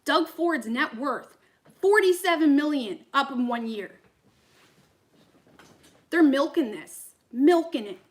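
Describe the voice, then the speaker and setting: Ranting woman, fairly high voice. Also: animated, slow pace, pauses often. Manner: heated, profane, rambling rant. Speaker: tarot reader. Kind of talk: ranting to camera between tarot readings.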